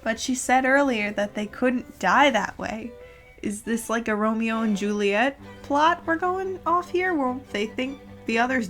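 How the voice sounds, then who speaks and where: A woman's voice: mid-range voice, a bit bright. A young woman reading a fan story aloud with dramatic delivery and sarcastic, exasperated asides. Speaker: host reading a fanfic aloud.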